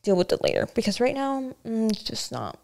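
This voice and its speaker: A woman's voice: a little high, huge pitch swings, fairly quick, gravelly, darkish tone. A young woman co-hosting a casual podcast chat, talking in a candid, rambling, self-reflective way with many restarts. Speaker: podcast co-host.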